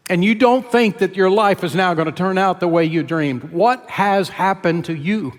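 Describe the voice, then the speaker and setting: A man's voice: high voice, normal speed, few pauses, in a large hall. A man preaching a sermon as pastor, retelling a scripture story in an earnest storytelling manner. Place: church sanctuary.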